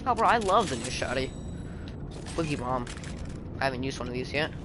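A man's voice: mid-range voice, a little fast. A young man chatting casually while streaming a game, rambling and calling everyone bro. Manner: rambling, excitable, says bro a lot. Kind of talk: casual gaming chat. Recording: noisy game stream audio.

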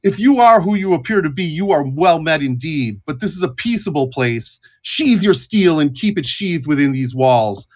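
Brief: stern male gatekeeper, pitched up, firm and gruff, voiced by a man. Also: lively intonation, normal speed, hardly any pauses, darkish tone, lo-fi sound. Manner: stern, warning, formal.

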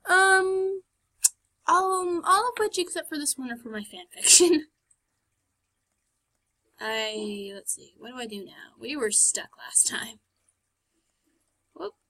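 A woman's voice: high-pitched, slow, long pauses, bright, forceful tone, rough recording. A woman giving casual gameplay commentary, chatty and self-mocking, often muttering and whispering to herself. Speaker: game let's-player.

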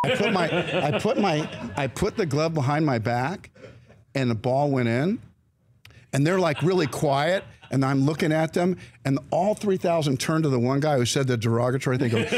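A man telling a story as an interview guest, halting and repeating words as he goes. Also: medium pitch. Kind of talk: storytelling anecdote.

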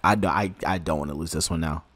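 A man streaming a football video game, giving excitable, slangy live commentary and talking to his viewers. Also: rumbling low, quick pace. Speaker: gaming streamer. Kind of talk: casual live gameplay commentary.

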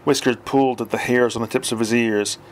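A man narrates an audiobook, reading the scene in a dry, even storytelling voice. His delivery is scripted and steady. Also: medium pitch, brisk.

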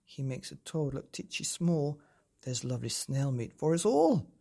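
A storyteller voicing a mob of greedy French townsmen, shouting excitedly about cooking their catch. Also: medium pitch, normal speed, gravelly. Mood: greedy, gleeful.

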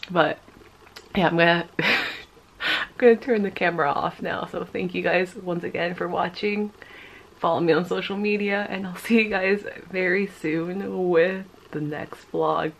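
A young woman in her twenties talks to her camera in a slow, gravelly-edged voice with plenty of vocal fry. She is emotional and close to tears, gushing and giggling between her words. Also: mid-range voice, highs cut off. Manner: gushing, giggly, breaks into laughter often. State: teary and emotional. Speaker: vlogger. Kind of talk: casual emotional vlog to camera.

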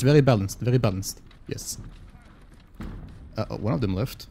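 A man streaming a game live, chatting casually with viewers, excitable and swearing freely. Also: fairly low pitch, brisk, long pauses, a little hiss or hum.

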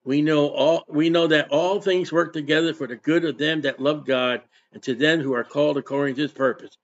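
Guy preaching a sermon, kinda high voice, loud bursts then quiet asides, muffled lo-fi recording. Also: steady tone, a little fast. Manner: emphatic, repetitive, switches between loud outbursts and quiet asides. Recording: dull lo-fi recording.

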